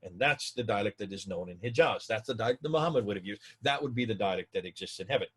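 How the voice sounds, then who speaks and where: A man giving a lecture who explains points emphatically, repeats key phrases, speaks straight to his viewers and rises to excited peaks. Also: lowish voice, fast, slightly rough. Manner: addresses viewers directly.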